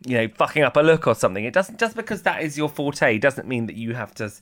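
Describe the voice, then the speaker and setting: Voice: lively intonation, quick pace, a bit bright. A podcast co-host chatting casually, laughing often and restarting sentences while working out a point. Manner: giggly, swings up high, hesitant restarts. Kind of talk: casual chat.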